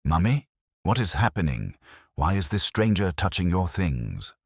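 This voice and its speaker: A man's voice: low voice, very animated, a little slow, vocal fry, slightly rough, no echo, studio quality, pitched above the performer's own voice, full character voice. A man doing a snappy, pretentious grown daughter in a storybook. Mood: indignant. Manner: snapping, indignant.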